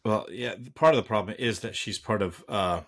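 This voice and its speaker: A man with a lowish voice co-hosts a casual podcast. He talks bluntly and with energy, rambling through his points with plenty of fillers. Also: moderate pace, fairly bright tone. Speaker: podcast co-host.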